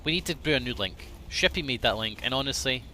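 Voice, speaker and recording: Bright-voiced, self-deprecating man streaming. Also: medium pitch, lively intonation, quick pace, slight background noise. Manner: self-deprecating, swears freely; rambling, mutters to himself. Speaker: game streamer. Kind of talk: casual live-stream chat.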